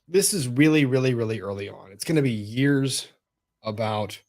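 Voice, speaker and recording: A man's voice: medium pitch, expressive, normal speed. A man hosting a casual online legal panel chat over a video call, wry and joking. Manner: wry, joking, talks to his dog in a soft voice. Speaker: show host.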